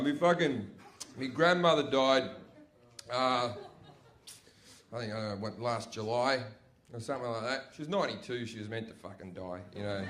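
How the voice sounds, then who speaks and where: A young man doing a crude, swearing stand-up comedy set on a club stage. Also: slight background noise. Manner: crude, swearing, loud jumps in pitch and volume.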